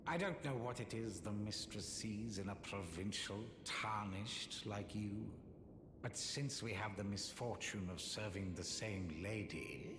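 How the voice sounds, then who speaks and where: A man's voice: on the low side, measured pace, noisy background. A man voicing a haughty, condescending male sorcerer who talks in a snooty, formal way. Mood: sneering. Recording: echoey hall with game music.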